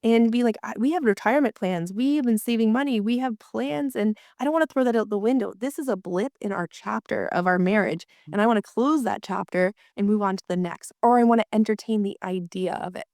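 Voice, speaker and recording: A woman's voice: mid-range voice, fairly quick, hardly any pauses, no room sound, studio quality. A woman marriage coach explaining her methods as a guest in a conversation, acting out inner voices as she goes. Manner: animated, acts out inner voices.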